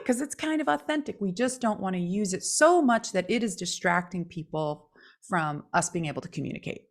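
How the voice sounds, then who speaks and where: A woman's voice: mid-range voice, brisk. A woman from California, a voice coach co-hosting a casual podcast, talking expressively and shaping her intonation to make her points. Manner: expressive, plays with intonation to demonstrate.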